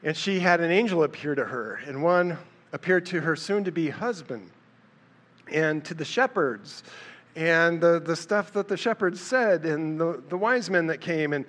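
A man delivers a casual sermon in a conversational, storytelling manner. His voice sits a little on the high side, and he slips into quick voiced-out lines for the people in his stories. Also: animated, a bit bright. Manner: conversational, storytelling, acts out quotes with a raised voice. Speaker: preacher.

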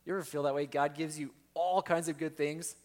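A man's voice: on the high side, steady tone, brisk, darkish tone. A man preaching a sermon in a conversational way, often asking his listeners questions.

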